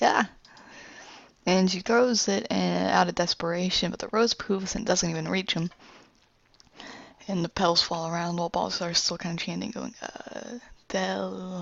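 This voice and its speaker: A woman casually retelling a scene from her animation pitch, with loose storytelling full of fillers. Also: gravelly, a bit bright, no echo. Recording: dull lo-fi recording.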